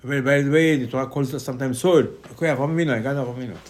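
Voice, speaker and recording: A man giving a Torah lesson, telling the story in lively dialogue and repeating key phrases for emphasis. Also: medium pitch, very fast. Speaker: rabbi.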